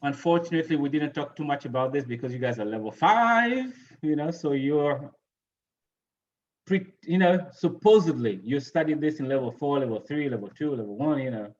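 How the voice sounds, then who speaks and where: A man's voice: on the high side, expressive, normal speed, highs cut off. A man teaching English pronunciation to a class over a video call, casual and repeating "you know" and "right?".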